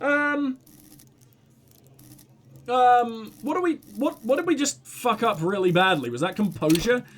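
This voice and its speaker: A man hosting a let's play of a detective game, excitable, swearing and laughing as he reads dialogue aloud. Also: very high voice, unhurried, long pauses, slight background noise. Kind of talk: gaming commentary and reading dialogue aloud.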